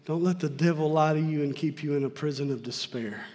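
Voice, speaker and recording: A man preaches with fervor, repeating key lines to drive them home. His voice sits high for a man. A long reverb from the sanctuary trails each phrase. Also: fairly quick, mellow. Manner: fervent, repeats lines for emphasis. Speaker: pastor. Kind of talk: sermon. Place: church sanctuary.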